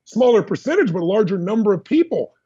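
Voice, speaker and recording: A man as a podcast guest, telling personal stories in an animated, emphatic, fast-flowing way. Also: high-pitched, breathy edge, highs cut off. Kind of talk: energetic personal storytelling.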